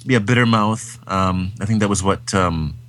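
A man's voice: lowish voice, moderate pace, fairly bright tone, slight background noise. A man co-hosting a podcast, chatting casually about films, enthusiastic and rambling, with lots of fillers. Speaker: podcast co-host. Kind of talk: casual film-review chat.

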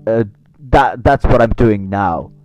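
A man's voice: on the low side, lively intonation, a little slow, a little mellow, dull audio, faint music behind. A man hosting a solo podcast, speaking with an attempted English accent and thinking aloud with many restarts and repeated words. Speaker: podcast host.

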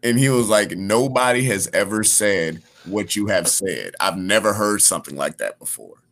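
A man's voice: on the low side, animated, moderate pace, a bit bright. A man, a guest comedian, telling a story in casual podcast chat and acting out the dialogue.

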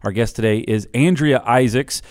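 A man's voice: medium pitch, moderate pace, darkish tone. A man hosting a casual business podcast, upbeat, laughing easily and often repeating his words. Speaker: podcast host. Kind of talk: casual interview chat.

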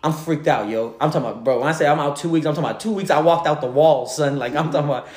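A man's voice: fairly high pitch, racing, a little mellow, reverberant. A man in his late twenties telling a story in casual slang, laughing often as he talks. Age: late 20s.

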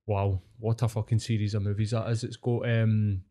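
A man's voice: on the low side, moderate pace. Sweary Scottish man chatting casually. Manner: swears a lot, rambling and animated. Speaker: podcast co-host. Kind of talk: casual chat.

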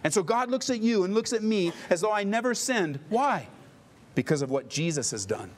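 A middle-aged male pastor preaches with emphatic, animated delivery and throws in joking asides. His speaking voice sits fairly high for a man. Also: moderate pace. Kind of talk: sermon.

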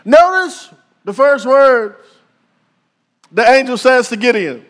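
A male pastor preaching a sermon, calling out to the congregation with dramatic pauses. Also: very high-pitched, expressive, fairly bright tone, long reverb tail.

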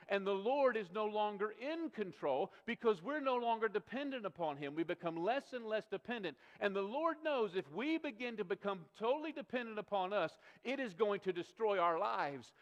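A man's voice: high voice, fairly bright tone. A male pastor preaching a sermon, emphatic and repetitive, asking rhetorical questions of his congregation. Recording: long reverb of a large hall.

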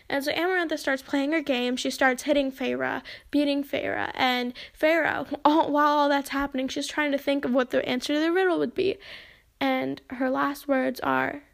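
A woman's voice: sits high, fairly even intonation, moderate pace, gravelly, a bit bright. A young woman casually recapping a story's plot in a chatty way, acting out the quoted lines as she goes. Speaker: book discussion host.

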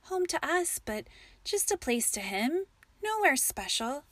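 A woman reading the lines of a gentle, patient farmer husband who softly soothes his wife. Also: high-pitched, sing-song, measured pace, no room sound, voice pushed up, heavily acted. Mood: soothing.

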